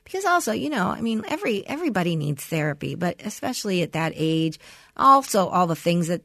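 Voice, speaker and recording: A woman's voice: lowish voice, big pitch swings, a little fast, vocal fry, fairly bright tone, no room sound, studio quality. A middle-aged woman co-hosting a podcast, telling a long story with plenty of fillers and acted-out quotes. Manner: rambling storyteller, many "you know" fillers, acts out quotes. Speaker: podcast co-host. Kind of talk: casual chat.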